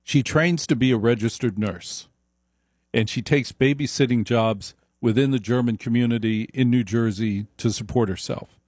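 A man's voice: medium pitch, normal speed, a little mellow, no room sound, studio quality. A man giving an opinionated storytelling monologue, emphatic and repeating points for stress. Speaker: speaker.

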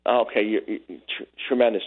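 A man's voice: lowish voice, fairly even intonation. Older Brooklyn man on a tinny phone line. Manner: emotional, halting, repeats himself. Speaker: caller. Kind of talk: call-in radio chat.

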